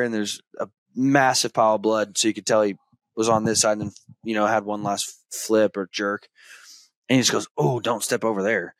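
A man, hosting a podcast and telling a story in a casual way, acting out his young son's excited shouts. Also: on the low side, moderate pace, no echo. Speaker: podcast host.

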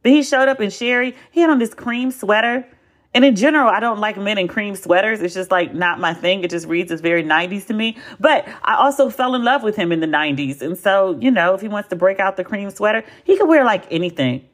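Podcast host: American woman, 40s, mid-pitched, blunt and profane, talks in lively, emphatic casual chat. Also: fairly quick. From United States.

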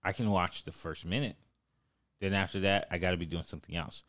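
A man's voice: deep voice, steady tone, a little fast, a bit bright, no room sound, studio quality. A man co-hosting a podcast, chatting casually with slangy quips. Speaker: podcast co-host. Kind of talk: casual chat.

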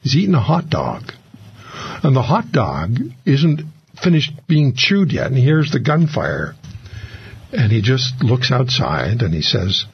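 A man hosting a radio talk show, telling stories in a casual, animated way. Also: mid-range voice, measured pace. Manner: animated storyteller, gravelly. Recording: muffled radio broadcast.

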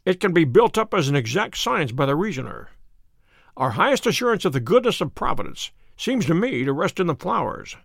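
A man voicing Sherlock Holmes, a musing, brisk male detective, in a dry read story. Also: on the high side, creaky, fairly bright tone, no echo, exaggerated voice.

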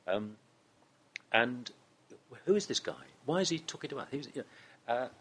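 A man's voice: medium pitch, lively intonation, moderate pace, a bit bright, husky. A man with a Southern English accent, a guest in an interview, telling a story with many restarts. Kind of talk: conversational interview.

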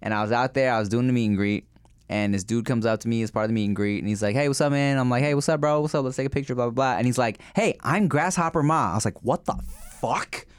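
A man telling an animated story in a casual podcast conversation. His voice sits at a middle pitch and sounds smooth and resonant. The recording is close, with a dry sound. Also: fast, dry recording. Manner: animated storyteller, frequent listening murmurs. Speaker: podcast co-host. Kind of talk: casual chat.

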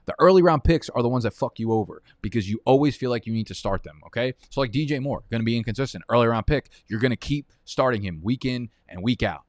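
A man's voice: mid-range voice, lively intonation, fast, hardly any pauses, dry recording, clean studio sound. A young man streaming live, rambling through fantasy football draft picks in profane, heated rants. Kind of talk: casual live-stream commentary while drafting.

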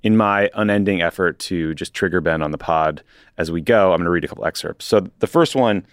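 A man's voice: low voice, a little fast, clear, resonant tone, no echo. A man co-hosting a political podcast in casual chat, dry and wry, reading excerpts aloud with short asides. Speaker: podcast co-host.

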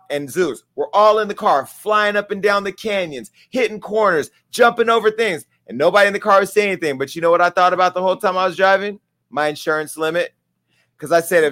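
A man's voice: high voice, a bit bright. Brash comedic gossip host, man. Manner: brash, candid, comedic storytelling. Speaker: talk show host. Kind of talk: gossip commentary.

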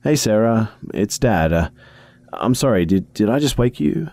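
A man's voice: on the low side, lively intonation, normal speed, gravelly, mellow, voice pushed up. A man voicing an older, caring widowed father in a narrated story, talking with hesitant fillers. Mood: friendly.

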